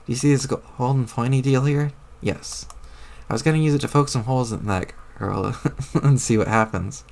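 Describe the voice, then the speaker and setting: A man's voice: medium pitch, moderate pace, vocal fry, a little mellow, natural voice. A man reading aloud as a brash, rude sea troll girl who makes fish puns. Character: bubbly, aggressive female sea troll girl.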